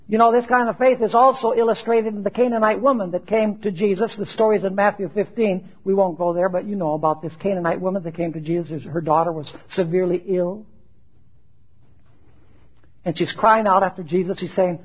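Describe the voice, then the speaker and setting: High, husky man preaching with fervor. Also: a little fast, dull audio. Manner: animated, builds to emphatic shouted peaks, rhetorical questions. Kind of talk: sermon.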